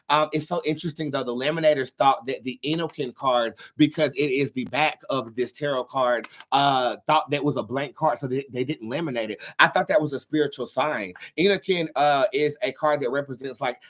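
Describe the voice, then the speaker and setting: A young man hosts a live tarot stream in a loose, casual chat. His delivery is campy and animated, peppered with swearing and easy laughter. He talks into a phone or webcam. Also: mid-range voice.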